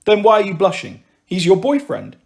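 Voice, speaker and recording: A man's voice: sits high, huge pitch swings, moderate pace, creaky, a little mellow, heavily acted. A man reading a story aloud, voicing a cheeky older sister who teases and talks back. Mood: teasing. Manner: teasing, brash. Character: cheeky, bold teenage girl. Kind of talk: audiobook reading.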